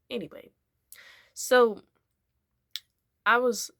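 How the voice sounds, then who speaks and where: Her voice sits on the high side, captured dry and clean in a studio. This young vlogger tells a rambling, filler-heavy casual story, animatedly playing out people's lines.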